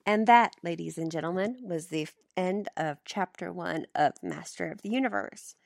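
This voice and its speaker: A woman's voice: fairly low pitch, normal speed, vocal fry, no room sound. Dry-voiced woman reading a novel. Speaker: audiobook reader. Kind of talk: first-person audiobook narration.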